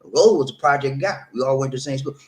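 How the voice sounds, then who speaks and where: A middle-aged man tells viewers about his own past. He talks emphatically, keeps adding "man" at the end of lines, and laughs at himself, at a middling pitch for a man. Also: racing, a little mellow. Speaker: vlog host. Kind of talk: personal storytelling to viewers.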